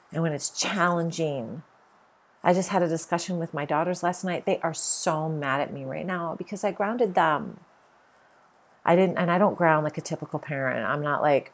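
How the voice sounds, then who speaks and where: A middle-aged woman hosting a podcast, giving an earnest spiritual monologue and repeating her points for emphasis. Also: deep voice. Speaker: podcast host.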